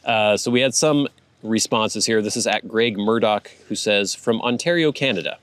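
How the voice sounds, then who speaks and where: A man's voice: on the low side, moderate pace, a bit bright, clear, resonant tone. A man hosting a casual show, reading viewer comments aloud and chatting about them in a rambling way with frequent laughs. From United States. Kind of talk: casual chat.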